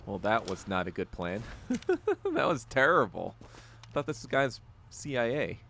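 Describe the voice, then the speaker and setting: A man's voice: mid-range voice, animated, measured pace, vocal fry, a bit bright, slight background noise. A man hosting a podcast, joking through casual gameplay commentary. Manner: joking, laughing often. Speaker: podcast host.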